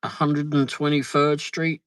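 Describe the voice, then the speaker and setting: A man's voice: on the high side, little pitch movement, unhurried, fairly bright tone, clean tone, dry recording, rough recording. A man chatting casually on a live stream, reading out viewer comments with muttered asides. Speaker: livestream host. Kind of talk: casual live chat while travelling. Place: in a vehicle on the road.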